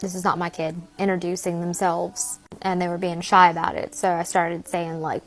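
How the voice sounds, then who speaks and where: A woman telling a story in an excitable way, acting out the voices. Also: on the low side, a little fast, few pauses. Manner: animated, excitable, mimics voices. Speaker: TikTok storyteller. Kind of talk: casual storytelling.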